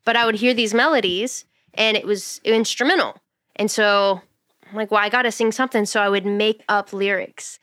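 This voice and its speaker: A singer, chatty and energetic, telling her story in a podcast interview. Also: medium pitch, normal speed, no echo, clean studio sound. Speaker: singer and songwriter.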